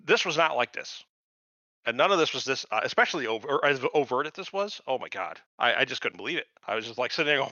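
A man's voice: medium pitch, very animated, fast, pushed and bright, no echo. A middle-aged man co-hosting a podcast, ranting in casual chat with heavy profanity and disbelief. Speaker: podcast co-host. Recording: dull lo-fi podcast mic.

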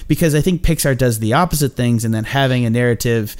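A man's voice: medium pitch, fast talker, darkish tone. A man hosting a casual movie-review podcast, rambling with a lot of laughter and swearing. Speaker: podcast host.

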